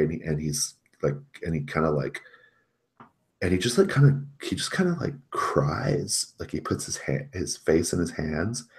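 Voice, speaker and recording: A man narrating a tabletop role-playing game as its game master, rambling with many fillers. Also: extremely low pitch.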